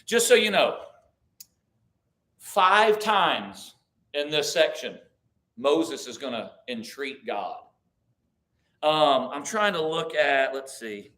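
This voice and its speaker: A man's voice: on the high side, lively intonation, takes it slowly, pauses often, fairly bright tone. A man teaching a church Bible class, thinking aloud with restarts, reading verses and asking the group questions. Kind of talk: conversational Bible study teaching.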